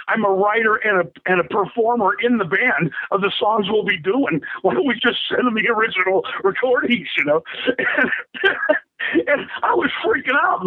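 Older man, high voice, rambling chatty anecdotes, laughs a lot, tinny dry phone line. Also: slightly rough, dry recording. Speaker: rock drummer interviewee. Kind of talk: casual storytelling interview.

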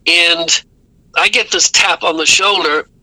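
A man's voice: fairly high pitch, steady tone, a little slow, sharp tone, no echo, poor audio. A man telling rambling, self-correcting stories as an interview guest. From Ireland. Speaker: guest musician. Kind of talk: casual storytelling interview.

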